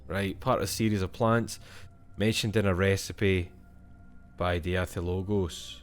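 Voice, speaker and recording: A man's voice: low-pitched, steady tone, measured pace, faint music behind. A young Scottish man playing a video game and thinking aloud in casual, swear-filled commentary. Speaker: gaming streamer.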